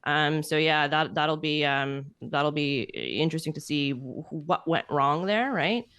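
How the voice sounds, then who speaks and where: A woman's voice: deep voice, measured pace, fairly bright tone, no room sound. A Canadian woman co-hosting a podcast, running through headlines in a chatty way with lots of ums and likes. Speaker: podcast co-host. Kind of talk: casual news chat.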